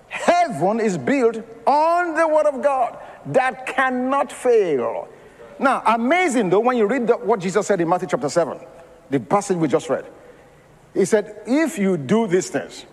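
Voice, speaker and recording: A male pastor preaching a sermon with a high, light voice. He moves between scripture and lively storytelling, breaking into laughter at times. His voice rings with a long reverb from a big hall.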